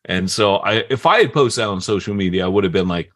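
A man's voice: lowish voice, expressive, fast talker, dry recording, studio quality. A man co-hosting a podcast in casual, joking chat, laughing often. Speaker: podcast co-host.

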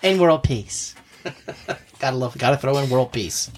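A man's voice: mid-range voice, expressive, unhurried, a little hiss or hum. A man co-hosting a podcast, chatting casually through a card game with a laugh and an easygoing, trailing-off way of talking. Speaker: podcast co-host.

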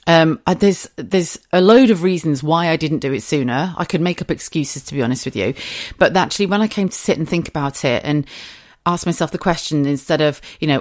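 A woman's voice: sits low, brisk. A woman, hosting a podcast in a candid, chatty way, swearing freely and acting out quotes. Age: 40s. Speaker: podcast host. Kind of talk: casual chat.

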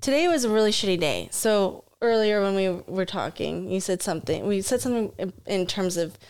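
A woman in a casual podcast chat, grieving and near tears, talking slowly and haltingly with long pauses. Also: mid-range voice, animated, a little mellow, clear, resonant tone. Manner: slow, halting, pausing often. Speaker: podcast host.

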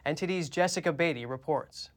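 A man anchoring a news program, reading the headlines in a measured, crisp way. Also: on the high side, very noisy.

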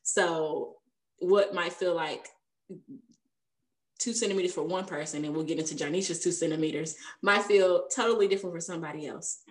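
A woman's voice: fairly low pitch, normal speed. A young adult woman telling a personal story in casual conversation, chatty and laughing often between sentences.

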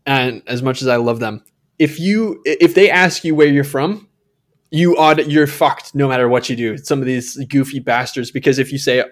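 A man's voice: medium pitch, normal speed. Profane ranting man from Minnesota. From Minnesota, USA. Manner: profane, ranting, laughs often. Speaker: podcast co-host. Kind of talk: casual podcast banter.

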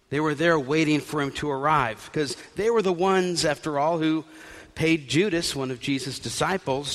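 A man preaching in a big reverberant hall, his voice sitting a bit higher than most men's. He tells the story with animated asides and slips into quick voices for the people in it. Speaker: pastor. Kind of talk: sermon storytelling.

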